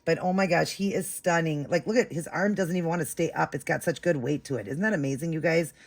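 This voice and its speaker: Woman vlogger, gushing and warm-hearted, gravelly voice. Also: sits low, quick pace. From United States. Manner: gushing and affectionate, many fillers. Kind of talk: casual chat to camera.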